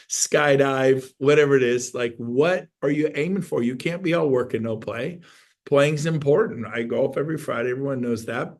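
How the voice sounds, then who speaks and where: A middle-aged man giving an energetic, folksy motivational talk to an audience, now and then breaking into loud outbursts. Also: mid-range voice. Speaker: motivational speaker.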